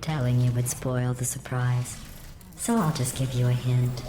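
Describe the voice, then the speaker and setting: A deadpan, mocking game AI, low and robotic, echoey, with hum behind. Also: female voice, measured pace. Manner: deadpan, mocking, coldly polite. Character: sarcastic, cruel female AI computer. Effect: synthetic robotic voice filter. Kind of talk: video game voice acting.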